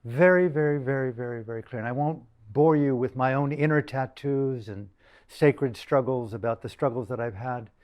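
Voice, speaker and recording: An older man giving a dharma talk to a group, emphatic and deliberate, repeating phrases for stress. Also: mid-range voice, fairly even intonation, a little mellow. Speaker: dharma teacher.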